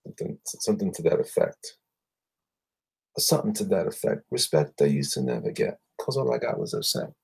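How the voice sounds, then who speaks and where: A man talks casually with his viewers as he draws, rambling and muttering to himself between thoughts. His voice is low, gravelly and husky, yet lively in pitch. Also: fairly quick. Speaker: artist livestreaming while drawing. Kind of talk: casual chat while drawing.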